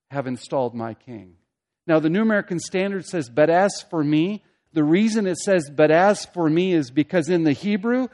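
A man preaching an expository sermon, swinging from loud emphatic peaks to hushed low asides, using rhetorical questions and repeated phrases for emphasis.

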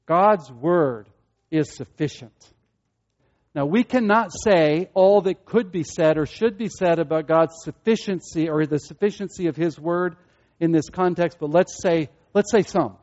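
Man, sermon, earnest, rising to excited bursts, somewhat high voice, dull lo-fi recording. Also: a little slow. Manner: earnest, repeats himself, builds to excited peaks. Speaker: pastor.

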